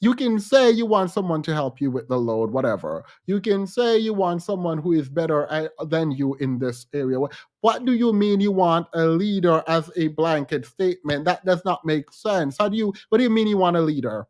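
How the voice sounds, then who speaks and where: A man hosting a livestream, commenting with animated, incredulous rhetorical questions and repetition. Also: a little high, normal speed. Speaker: podcast host.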